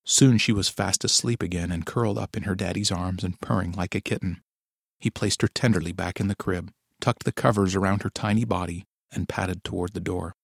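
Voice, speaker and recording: A man narrating a dark story in a low, measured storytelling voice. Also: creaky, no echo, clean studio sound. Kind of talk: dramatic audiobook narration.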